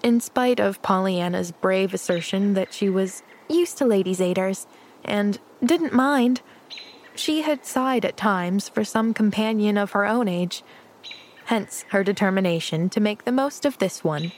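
A woman narrating a children's classic as an audiobook, with gentle, measured storytelling. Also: mid-range voice, a little hiss or hum.

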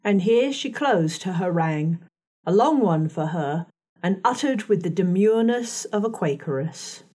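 A woman reading a classic novel aloud in a measured, expressive first-person narration. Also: lowish voice. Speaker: audiobook narrator.

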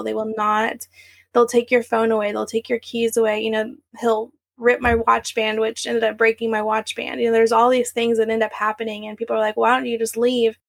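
A young adult woman, a podcast guest, candidly recounting a personal story in a rambling, run-on way. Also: fairly high pitch. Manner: candid, run-on storytelling with frequent "like" and "you know".

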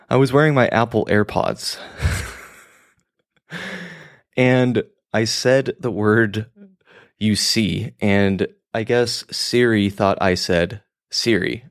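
Slow, low-voiced man rambling on a podcast. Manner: rambling, profane, laughs at himself. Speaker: podcast host. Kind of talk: casual podcast monologue.

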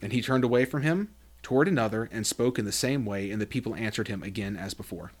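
A man speaks fast as he hosts a Bible study podcast, reading scripture and explaining it while acting out the quotations with big pitch jumps.

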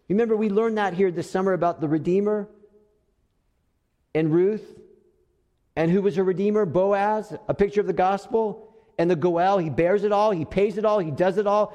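A middle-aged pastor preaches to his congregation in a lively, storytelling manner, dropping to a hush and then rising again. His voice sits a little high for a man, and a long reverb trails each phrase through the sanctuary. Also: moderate pace, highs cut off. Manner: animated storytelling, swings between loud and soft. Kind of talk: sermon. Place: church sanctuary.

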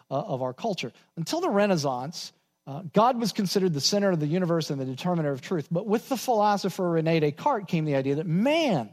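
A man preaching a sermon as pastor, repeating key points slowly for emphasis and dropping to quiet asides. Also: fairly high pitch.

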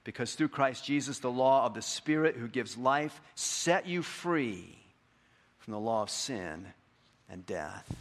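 An expressive male pastor with a mid-range voice is preaching. His sermon surges to fervent, emphatic peaks and then softens and slows whenever he reads scripture.

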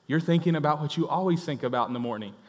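A man's voice: a little high, very fast. A man preaching a sermon as pastor, telling a story conversationally and acting out the dialogue. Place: church. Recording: echoey church hall.

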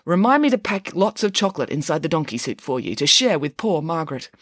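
A woman's voice: low voice, very animated, quick pace, no echo, clean studio sound. A woman voicing a theatrical, indignant female pig nanny in a storybook reading, grandly declaiming her lines.

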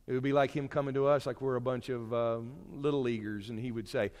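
A man preaching a sermon to his congregation in a conversational, animated way, with homely asides and jokes. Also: medium pitch, normal speed, gravelly, few pauses, big-room sound. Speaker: pastor. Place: church sanctuary.

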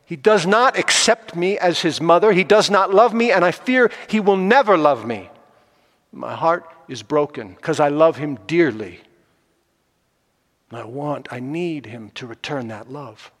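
A man voicing a loving stepmother, speaking softly and earnestly as she pleads. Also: fairly high pitch, animated, measured pace. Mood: heartbroken. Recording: long hall reverb.

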